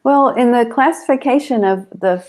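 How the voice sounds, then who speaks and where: A woman appearing as a guest on a podcast, explaining her views in a thoughtful, measured way. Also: on the high side, darkish tone. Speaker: guest author. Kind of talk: casual podcast chat.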